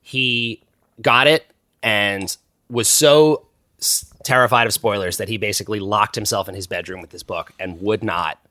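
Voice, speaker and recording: A man's voice: lowish voice, normal speed, sharp tone, dry recording, studio quality. A man in his thirties chatting as a podcast guest, rambling through stories with lots of fillers and restarts. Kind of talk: casual chat.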